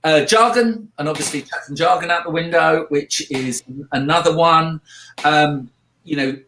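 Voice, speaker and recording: A co-host with a South London accent talks through a book in casual chat. They hesitate and restart often while explaining. The voice sits mid-range, and the room adds a clear echo. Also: medium pitch, moderate pace, a bit bright, slight background noise. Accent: British, South London. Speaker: podcast co-host. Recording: echoey room.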